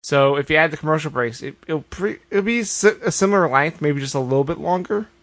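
A man co-hosting a casual wrestling podcast, riffing quickly and sounding exasperated. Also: a little high, animated, fairly bright tone, no room sound. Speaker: podcast co-host.

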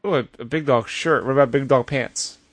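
A man's voice: mid-range voice, fairly quick, no room sound. A man co-hosting a podcast in casual chat, explaining at length and laughing easily. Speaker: podcast co-host.

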